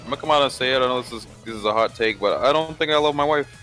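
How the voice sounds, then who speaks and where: A man's voice: medium pitch, very fast, sharp tone, faint music behind. A man joking around with a friend during a live game stream, making mock-serious hot takes. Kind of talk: casual joking chat.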